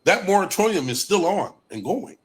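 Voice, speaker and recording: A man's voice: high-pitched, big pitch swings, moderate pace. A man giving an emphatic livestream talk, repeating key points with a Black lilt. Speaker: guest presenter.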